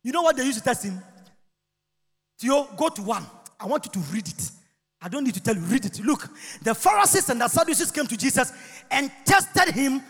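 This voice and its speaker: Preacher, male, high forceful voice, long church-hall reverb, shouts and chants. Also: big pitch swings, a little fast, long pauses, husky, faint music behind. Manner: shouts and chants, sings phrases, mimics people. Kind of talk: lively sermon with shouting.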